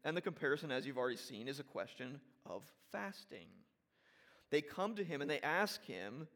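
A middle-aged man delivers a Sunday sermon in a fairly high voice. He talks to the congregation conversationally and often tosses in "all right?" to bring them along. He repeats and restarts phrases as he builds toward a point. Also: very animated, a little fast, a bit bright. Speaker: pastor.

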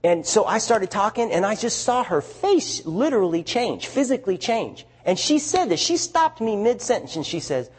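Southern man, missionary speaker, lively storyteller, slightly husky voice. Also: high voice, moderate pace, hardly any pauses. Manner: animated, chatty storyteller with restarts. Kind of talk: storytelling talk to an audience.

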